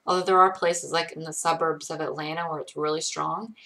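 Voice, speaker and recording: A woman's voice: low-pitched, fairly even intonation, fairly quick, sharp tone. A woman in her twenties from Georgia, with a light accent that has little Southern to it, chatting casually on a livestream and answering viewer questions in a rambling way. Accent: light Connecticut-tinged American, little Southern. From Georgia, USA. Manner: chatty, rambling, many likes and ums. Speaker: livestream host. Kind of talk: casual live chat reading viewer questions.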